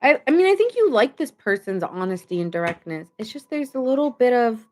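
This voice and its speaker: A woman's voice: fairly high pitch, big pitch swings, brisk, darkish tone, a little hiss or hum. Chatty woman reading tarot live. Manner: chatty, rambling, reads chat aloud. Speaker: tarot reader.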